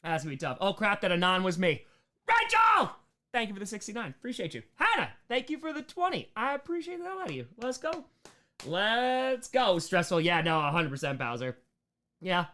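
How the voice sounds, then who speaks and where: A young New Yorker hosting a livestream answers superchats in a casual Q&A, tossing out rapid thank-yous to donors. His voice sits high and swings lively up and down as he riffs, keeping the talk loose and upbeat.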